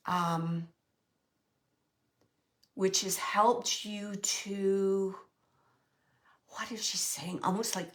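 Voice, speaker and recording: A woman giving a spiritual reading as a medium, gently relaying messages and pausing often to search for words. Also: medium pitch. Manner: halting, searching for words, many pauses and fillers. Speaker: psychic medium.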